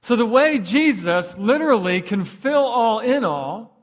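High-voiced young male pastor preaching. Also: very animated, a little slow, slightly rough. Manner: conversational preaching, swings loud for emphasis. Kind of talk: sermon. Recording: dull lo-fi recording.

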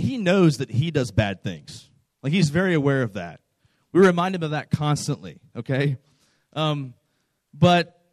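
A man's voice: fairly high pitch, darkish tone, no echo. Earnest young man preaching, dry sound. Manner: earnest, repeats phrases, asks listeners direct questions. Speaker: pastor. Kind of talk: conversational sermon.

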